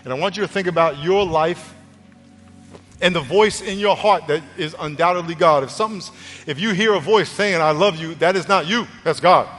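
Earnest male pastor, slightly high voice. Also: normal speed, a bit bright. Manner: earnest, conversational preaching. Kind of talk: sermon and altar call. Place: church auditorium. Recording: long church reverb, faint music.

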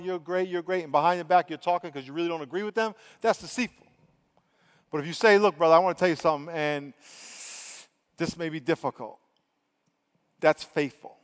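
A man's voice: fairly high pitch, in a large hall. A man preaching a sermon in a conversational, emphatic way, acting out quotes as he goes. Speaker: pastor.

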